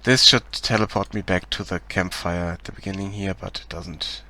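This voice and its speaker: A man from Germany with a German accent, casually talking through his game project on a live stream, hesitant, with many pauses and restarts. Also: sits low, steady tone, sharp tone, slight background noise. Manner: hesitant, many ums and restarts, laughs shyly.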